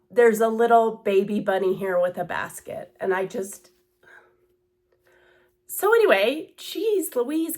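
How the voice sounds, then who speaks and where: A woman in her thirties chatting casually in a cross-stitch vlog, rambling with asides and fillers. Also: fairly high pitch. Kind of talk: casual chat.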